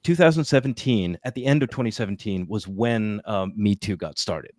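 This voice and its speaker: A man's voice: lowish voice, moderate pace, a little mellow, no room sound. Podcast co-host, male, casual and chatty, dry close sound. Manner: chatty, with fillers and asides.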